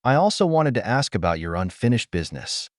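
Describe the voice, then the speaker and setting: A calm, wry young leader voiced by a man in an audiobook, asking questions in a dry, level way. The voice is low, with lively ups and downs, and it sounds close and dry. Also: a little fast, no echo.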